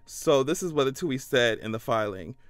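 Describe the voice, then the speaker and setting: A man giving casual reaction commentary, sassy and profane, breaking into high-pitched exclamations. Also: animated, a little fast, no echo. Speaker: commentary vlogger.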